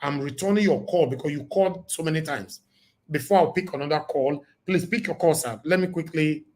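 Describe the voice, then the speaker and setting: A Nigerian man hosting a live call-in show, talking emphatically and preachily, with his voice going hoarse. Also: a little high, fairly quick. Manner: emphatic and preachy, loud bursts. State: losing his voice. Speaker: host.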